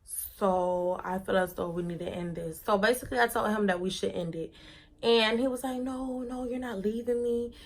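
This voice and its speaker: A woman's voice: medium pitch, steady tone, moderate pace, vocal fry. A young woman vlogger telling a personal story in a casual, dramatic, slangy way.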